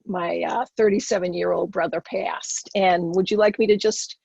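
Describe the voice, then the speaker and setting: A woman's voice: lowish voice, steady tone, moderate pace, vocal fry, darkish tone, husky, no echo, highs cut off. A middle-aged woman with a Boston accent, telling her personal story earnestly as a podcast guest.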